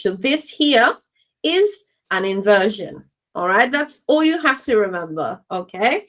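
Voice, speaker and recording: A woman leads an exam-prep language class in a clear mid-range voice. She explains things patiently and encouragingly and keeps checking that the students are following. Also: medium pitch, sing-song, measured pace, fairly bright tone, rough recording. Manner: encouraging, checks understanding with frequent "okay?". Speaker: English teacher.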